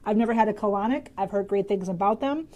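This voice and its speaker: Talking fast in a medium-pitched, somewhat dark voice, a woman from Michigan hosts an easygoing live stream. She bubbles along, reading comments from viewers and responding to health questions, with laughs sprinkled throughout.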